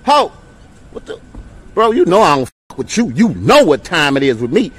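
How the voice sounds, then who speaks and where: A man in a heated street confrontation, shouting and taunting with profane insults. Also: on the high side, very animated, normal speed, slightly rough. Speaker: man confronting police officers.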